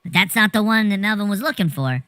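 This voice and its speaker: A woman telling a rambling anecdote in a casual, animated way, swearing freely as she goes. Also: mid-range voice, quick pace, no room sound, clean studio sound. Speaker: storyteller.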